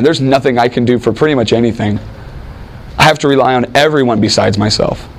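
A man preaching in a conversational Bible teaching, talking with his listeners and acting out quoted speakers with lively emphasis. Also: fairly high pitch. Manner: animated, acts out quoted speakers, frequent restarts. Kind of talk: conversational sermon with audience interaction.

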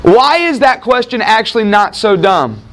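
A man with a high voice lectures to a class on a Gospel passage. He keeps asking the room questions and then answers them himself. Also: big pitch swings, normal speed, fairly bright tone. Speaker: Bible teacher.

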